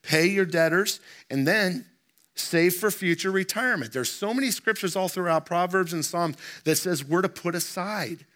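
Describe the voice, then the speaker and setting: Bright-voiced male pastor preaching. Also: high-pitched. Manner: emphatic, rhetorical questions to the congregation; slows down to read scripture aloud. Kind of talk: sermon.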